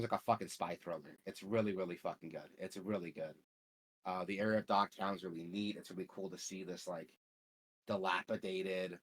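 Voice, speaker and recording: Male podcast host, low voice, casual gaming chat, swears a lot, rambling. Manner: profane, rambling, lots of filler words.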